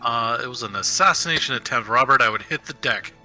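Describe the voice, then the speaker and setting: A man's voice: medium pitch, fast talker, bright, forceful tone, soft background music. A man playing a tabletop game, wry and incredulous at the game master's twists. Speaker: player. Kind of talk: casual tabletop play.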